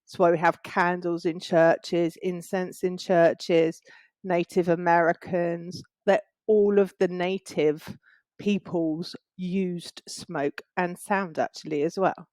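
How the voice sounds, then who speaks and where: A woman's voice: lowish voice, level tone, slow, a little mellow, no echo. A woman on a video call from her home in Spain, explaining things earnestly as an interview guest, with small laughs. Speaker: guest, space clearing practitioner.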